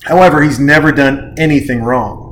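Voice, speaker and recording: A man co-hosting a podcast, chatting casually about a movie and acting out its scenes with lively bursts of shouting. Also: on the high side, moderate pace, a little hiss or hum. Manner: animated, acts out movie scenes with shouted curse-laden lines. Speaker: podcast co-host. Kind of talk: casual movie-review chat.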